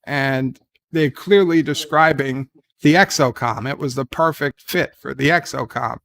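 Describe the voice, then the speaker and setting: A man's voice: medium pitch, measured pace, vocal fry, a bit bright, no echo. A man giving a casual, rambling recap of a TV episode, full of fillers and restarts. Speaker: show reviewer.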